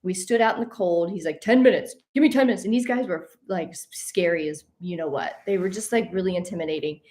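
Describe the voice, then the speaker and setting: A woman telling a personal travel story in a casual, animated way. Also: lowish voice, brisk. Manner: animated, addresses listeners as y'all. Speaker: host.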